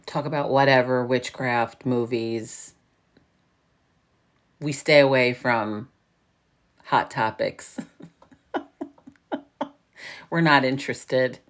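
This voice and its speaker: A woman's voice: extremely low pitch, very slow, long pauses. A woman in her forties with a New York accent, hosting a casual morning livestream chat from home, chatty and swearing freely as she tells stories animatedly. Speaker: livestream host.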